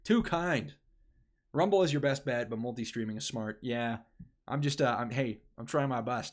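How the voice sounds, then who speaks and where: A man's voice: mid-range voice, moderate pace. A young man hosting a casual live stream, rambling and restarting his phrases as he talks to his chat.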